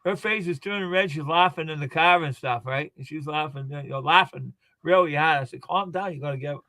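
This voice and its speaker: A man's voice: fairly high pitch, a little fast, sharp tone, no echo. A man chatting casually, telling rambling everyday anecdotes as a guest on a live stream. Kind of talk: casual chat.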